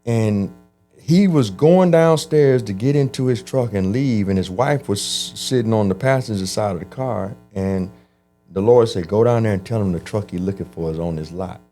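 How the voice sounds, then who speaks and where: A man telling his life story in an interview, animated and acting out the voices of people he quotes. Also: lowish voice, moderate pace, soft background music. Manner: animated, acts out quoted voices, frequent restarts. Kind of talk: conversational storytelling.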